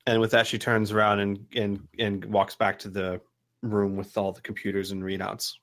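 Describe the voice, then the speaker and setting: Low-voiced man as game master. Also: completely flat delivery, normal speed, a bit bright. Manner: hesitant, filler-heavy narration. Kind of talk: narrating a tabletop game.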